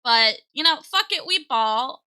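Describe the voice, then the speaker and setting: A young woman streamer talks to her chat in a high, very bright voice, giggling and flustered. She sounds teary and close to crying, and her pace is slow and unhurried. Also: animated. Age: young adult. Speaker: VTuber streamer. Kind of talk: casual live-stream chat.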